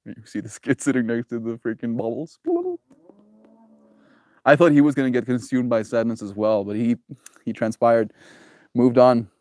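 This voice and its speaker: A man's voice: normal speed, pauses often, no room sound, clean studio sound. A man hosting a daily livestream, chatting casually and reading out viewer comments. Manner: animated, swings into higher voices when acting out reactions. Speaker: livestream host.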